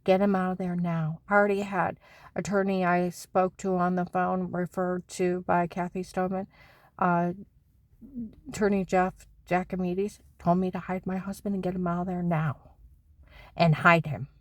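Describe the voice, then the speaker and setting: A woman talking in an anxious, rambling personal monologue, swinging between hushed whispers and loud outbursts. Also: on the low side, level tone, normal speed, dry recording. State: anxious and on edge. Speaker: vlogger.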